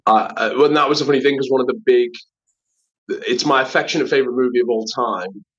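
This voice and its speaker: A husky, fairly bright medium-pitched voice belongs to a Liverpool actor and writer chatting as a guest in a casual interview. He tells stories at a quick pace, acting out quoted voices with many fillers. The recording has a slightly dull lo-fi quality.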